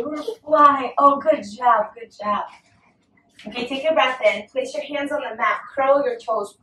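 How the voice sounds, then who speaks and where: Female yoga instructor, gentle encouraging cues, slightly high voice, recorded at a distance in an echoey home room. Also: slight background noise. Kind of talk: guided yoga class with a toddler.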